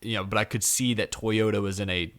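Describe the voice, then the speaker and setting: A man's voice: lowish voice, fairly even intonation, brisk, a bit bright. A young man hosting a casual podcast chat, talking in an easygoing, self-deprecating way with plenty of fillers. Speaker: podcast host.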